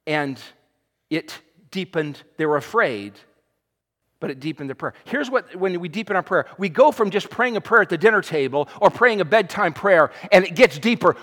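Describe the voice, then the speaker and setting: A male pastor preaching a sermon with passion, swinging between loud cries and hushed, quiet passages. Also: high-pitched, animated, moderate pace. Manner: impassioned, swings from shouting to hushed. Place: church sanctuary. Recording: long hall reverb.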